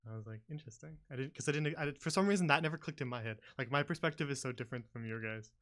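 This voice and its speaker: Male game master, mid-pitched, casual, laughs easily, heavy fillers. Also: very fast, a bit bright. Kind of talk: casual tabletop game talk.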